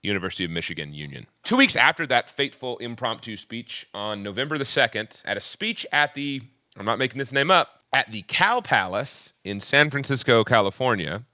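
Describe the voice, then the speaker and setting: A man's voice: mid-range voice, expressive, brisk, bright, forceful tone. A man with a Southern US accent, a podcast guest telling history in a loose, jokey, rambling way. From Southern United States. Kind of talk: casual chat, history storytelling.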